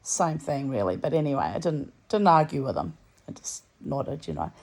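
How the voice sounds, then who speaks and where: A woman's voice: a bass voice, very animated, moderate pace, vocal fry, darkish tone. A tired, unwell woman lying in bed, chatting casually and rambling through a story with many asides. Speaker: vlogger.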